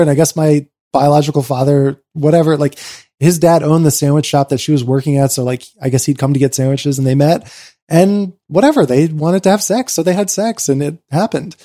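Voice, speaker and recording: A man telling a personal story in an interview, swinging between excited rushes and quiet reflective lows, with lots of "like" fillers. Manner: frequent "like" fillers. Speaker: interview guest.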